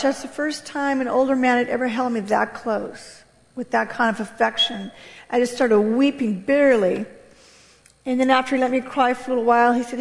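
A woman giving an emotional personal testimony to an audience, telling her story with emphatic, impassioned delivery and sudden leaps in pitch. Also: fairly even intonation, moderate pace. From United States. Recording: long reverb of a large hall.

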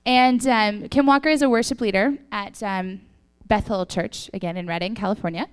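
A woman's voice: medium pitch, fairly even intonation, moderate pace, smooth. A woman leading a youth group with a casual faith talk, chatty and full of "like" and "right?".

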